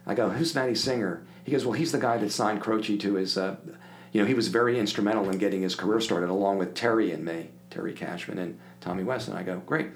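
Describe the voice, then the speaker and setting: Older man telling lively stories, lowish voice. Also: fast, a little hiss or hum. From Philadelphia area. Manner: animated anecdote-telling, acts out quoted voices. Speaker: podcast guest. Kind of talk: casual storytelling.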